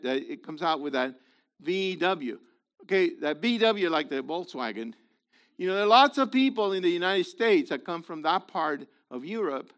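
High, bright-voiced man teaching slowly. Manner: halting, explanatory, checks in with listeners. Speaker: Bible class teacher. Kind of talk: informal Bible study lesson.

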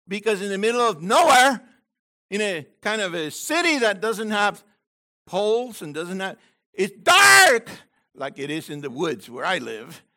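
Animated, bright-voiced man preaching a sermon. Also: a little slow. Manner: conversational preaching, asks the crowd "okay?"; drops to a low aside voice for quotes. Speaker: messianic teacher.

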